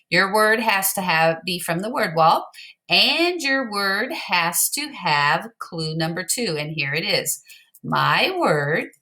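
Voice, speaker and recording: A woman teacher leads young pupils through a recorded word game, speaking slowly and patiently. Her voice is bright and clear and sits a little low in pitch. Every instruction is spelled out step by step.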